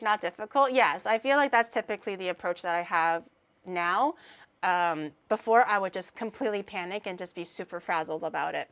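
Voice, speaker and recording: A woman's voice: mid-range voice, animated, a little fast, a bit bright. A young woman from Canada chatting casually on a stream, rambling with lots of restarts and fillers, giggly and self-deprecating. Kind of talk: casual chat.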